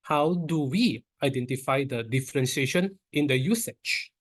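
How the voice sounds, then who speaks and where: A man moderating an online Q&A session, reading out audience questions in a plain, steady way. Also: mid-range voice, normal speed.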